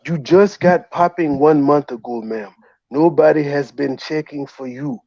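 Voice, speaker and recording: A man's voice: a little high, measured pace, dark tone, no room sound. A man putting on a stern African-accented voice to lecture and scold someone. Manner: lecturing, preachy. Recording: dull lo-fi stream audio.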